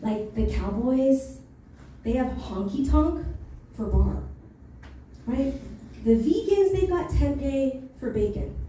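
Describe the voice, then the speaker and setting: A woman's voice: sits high, lively intonation, takes it slowly, warm tone, far from the mic, slight background noise. A young woman from Nicaragua doing a stand-up set, chatty, losing her place and laughing at her own jokes. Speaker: stand-up comedian. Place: comedy club stage. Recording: echoey club recorded from afar.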